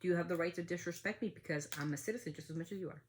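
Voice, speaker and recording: A woman's voice: fairly low pitch, rapid-fire, a little hiss or hum. A woman hosting a family podcast, talking in a heated, outspoken way and swearing freely. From United States. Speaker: podcast host. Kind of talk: casual opinion talk.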